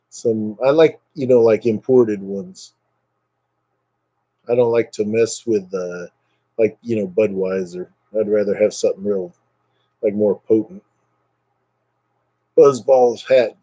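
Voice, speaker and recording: A man's voice: medium pitch, warm tone, no echo, dull audio. A man chatting casually with live viewers over a webcam at home, joking and sarcastic, rambling from topic to topic. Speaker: live streamer.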